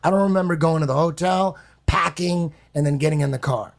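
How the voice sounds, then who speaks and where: A man casually telling an animated, profane story on a podcast, acting out voices and sounds. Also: fairly high pitch, brisk, creaky. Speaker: guest storyteller.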